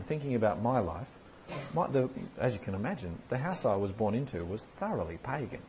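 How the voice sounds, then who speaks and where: A man preaching a conversational sermon and answering questions, with lively, animated emphasis. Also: mid-range voice, a little hiss or hum, rough recording.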